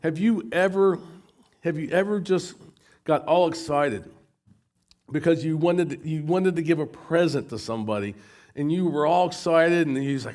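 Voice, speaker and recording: A man's voice: fairly high pitch, moderate pace, darkish tone. A middle-aged American man preaching a sermon, often stumbling and repeating words as he goes. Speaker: pastor.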